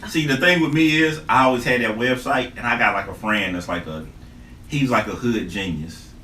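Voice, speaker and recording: Man, podcast host, bright voice, echoey room, distant mic, animated storytelling, cursing a lot. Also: medium pitch, normal speed, slight background noise. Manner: animated storytelling, heavy swearing. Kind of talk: casual chat.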